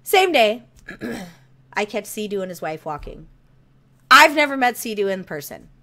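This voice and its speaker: A woman co-hosting a podcast, telling a story in casual chat, animated, swearing freely, with laughs and frequent throat clearing. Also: mid-range voice, unhurried. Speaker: podcast co-host.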